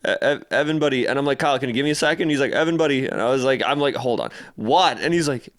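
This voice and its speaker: A young man co-hosts a podcast with his buddies. He tells stories with a lot of energy, swears freely and laughs often. His voice sits at a middling pitch and is recorded dry and close. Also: racing, dry recording. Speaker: podcast co-host. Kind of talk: casual chat.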